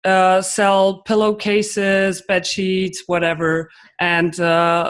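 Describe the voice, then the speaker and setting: A woman's voice: on the low side, flat delivery, slow. A woman, a guest expert answering interview questions and explaining her points through examples, with frequent fillers along the way.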